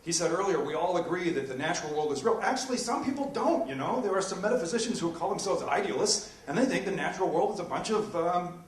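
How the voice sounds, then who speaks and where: A man, a philosophy professor, giving a debate presentation in a lecture room, talking in an animated lecturing way with many ums and uhs. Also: sits high, fast, few pauses, distant mic, a little hiss or hum. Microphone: distant from the microphone. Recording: echoey room recorded from afar.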